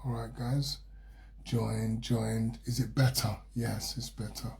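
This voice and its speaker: A man's voice: mid-range voice, level tone, slow pace, creaky. A middle-aged man, hosting a casual live-stream chat and greeting viewers as they join. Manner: chatty, laughs easily, warm greetings to viewers. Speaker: host. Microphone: phone or computer on a live video.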